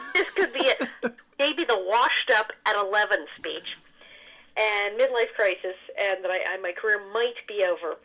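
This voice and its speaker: A woman guest in a casual interview, telling stories in an animated way and laughing often. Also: mid-range voice, poor audio. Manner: animated, quick storyteller who laughs often. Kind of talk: casual storytelling chat.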